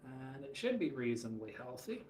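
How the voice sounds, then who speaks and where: A man's voice: medium pitch, sing-song, a little fast, darkish tone. A man from Michigan talks through his cooking on a casual livestream, rambling and cracking jokes as he answers chat. His voice sits in a middling register and carries a roomy echo, with faint ambient noise underneath. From Michigan, USA. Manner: rambling, joking asides while answering chat. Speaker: cooking streamer. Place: hotel room kitchen.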